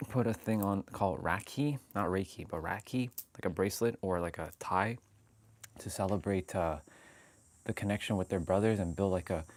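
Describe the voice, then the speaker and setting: Counting reps aloud on his live workout stream, a friendly host chats with his audience and greets them as "brother." His voice sits low and moves at a normal speed.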